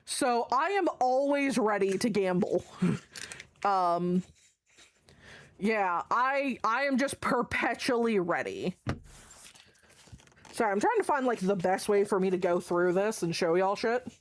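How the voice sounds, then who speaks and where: This woman streamer, medium-pitched and expressive, takes her time and pauses often as she holds up items for her live chat. Her talk is chatty, profane and meandering, picked up by a desk mic.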